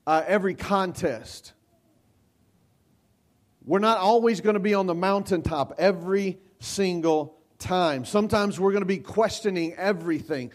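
A male pastor preaching a sermon, emphatic and repetitive, his voice rising into cries when he quotes scripture. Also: high voice. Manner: repeats and restarts words.

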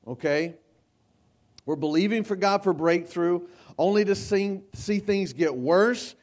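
A pastor delivers a sermon in a fairly high male voice. He speaks slowly and emphatically, often restarting and repeating phrases, and lifts into pleading cries when he reads scripture aloud. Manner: slow, emphatic preaching with rising cries when quoting scripture.

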